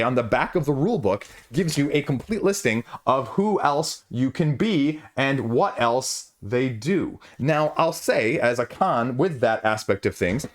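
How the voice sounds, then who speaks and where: A man reviewing a board game in a conversational way, asking rhetorical questions and making asides as he goes. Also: medium pitch. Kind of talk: casual spoken review.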